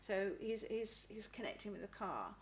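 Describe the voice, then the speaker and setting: A middle-aged woman giving a live spirit reading as a psychic medium. She talks haltingly, repeats words and often asks "please?". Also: mid-range voice, expressive, slight background noise.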